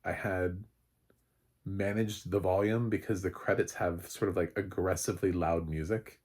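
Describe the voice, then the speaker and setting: A man's voice: low-pitched, a little mellow. A man, a film critic, giving a casual spoken review, rambling with many fillers and restarts, and swearing now and then.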